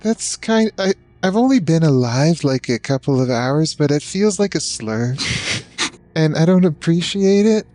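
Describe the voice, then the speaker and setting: A man plays a tabletop game in a wry, questioning tone. His voice sits somewhat high and his pace is slow and unhurried. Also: animated, a little mellow, dry recording. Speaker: player.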